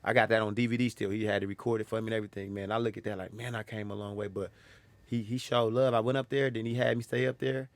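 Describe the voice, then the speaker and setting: Gravelly-voiced young man telling a story. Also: on the low side, fast, no echo. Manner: animated, acts out quoted lines. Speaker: comedian guest. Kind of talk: casual storytelling chat.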